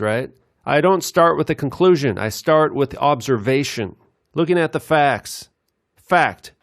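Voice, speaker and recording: Gravelly man rambling over clips. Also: medium pitch, no echo, studio quality. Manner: meandering, with many filler pauses. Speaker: video commentator.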